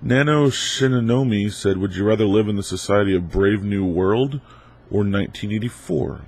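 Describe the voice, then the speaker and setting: A man's voice: on the low side, moderate pace, creaky, a little mellow, husky. A young man with a cold, casually reading out viewer questions and answering them with offhand jokes. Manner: joking, offhand, reads questions aloud. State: has a cold. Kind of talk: casual Q&A vlog.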